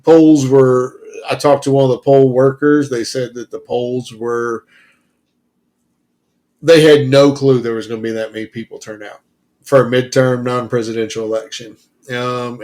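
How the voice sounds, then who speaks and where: A man from Kentucky co-hosting a casual news podcast, loud and quick to laugh, often restarting his sentences. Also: medium pitch. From Kentucky, USA. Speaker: podcast co-host. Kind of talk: casual chat.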